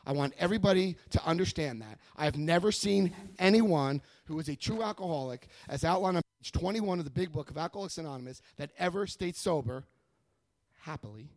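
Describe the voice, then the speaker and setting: A man speaking at a recovery meeting, telling his own story to an audience in a lively, self-mocking way with jokes. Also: a little high, no room sound. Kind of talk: humorous personal storytelling to an audience.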